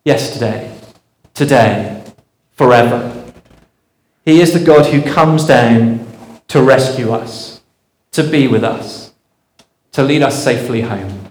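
A man's voice: medium pitch, slow pace, pauses often, reverberant, rough recording. A man preaching a sermon, earnest and storytelling, asking rhetorical questions.

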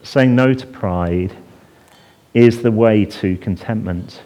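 A man preaching a sermon, animated, acting out a crying child in a high voice and dropping to a hush on calming words. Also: slow, muffled recording. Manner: drops to a hushed voice on calming phrases.

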